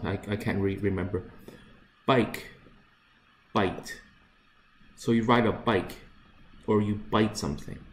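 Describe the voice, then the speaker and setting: A man teaching English pronunciation, repeating each word slowly and carefully, with frequent fillers. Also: lowish voice, slight background noise. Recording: echoey room.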